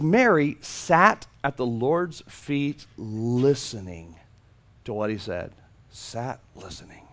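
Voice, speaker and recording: A male pastor preaching a sermon, animated and playful, acting out the voices in a story and repeating words for emphasis. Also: fairly high pitch.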